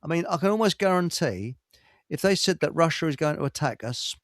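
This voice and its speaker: A man's voice: a little high, lively intonation, fairly quick, no room sound, studio quality. An older man hosting a casual talk show, chatty and amused. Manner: chatty, laughs at his own jokes. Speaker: host.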